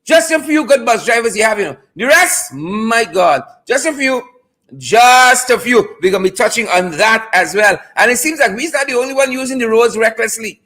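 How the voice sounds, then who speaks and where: A man hosting a live stream, chanting catchphrases loudly and playfully and greeting viewers. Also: very high-pitched, animated, a little fast, few pauses. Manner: chanting catchphrases, loud and playful, frequent laughs. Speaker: live show host. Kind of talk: hyped live stream chat.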